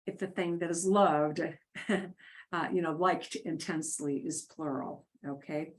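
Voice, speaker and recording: Woman Spanish teacher, unhurried and patient, explaining grammar with lots of pitch movement. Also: fairly even intonation. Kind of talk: online class teaching.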